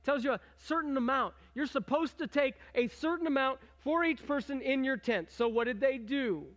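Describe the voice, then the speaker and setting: A man's voice: very high-pitched, normal speed, a bit bright. A man preaching a sermon, reading scripture aloud and talking conversationally with his congregation, asking them questions and prompting them to join in. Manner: reads scripture aloud with rising emphasis. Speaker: pastor.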